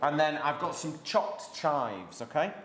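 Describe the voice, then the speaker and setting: Dad doing a live cooking lesson at home, bit high voice, chatty and jokey, roomy kitchen echo. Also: male voice, very animated, measured pace, noisy background. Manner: chatty, encouraging, jokey with his daughter. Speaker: cooking class host. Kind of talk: live kids' cooking class.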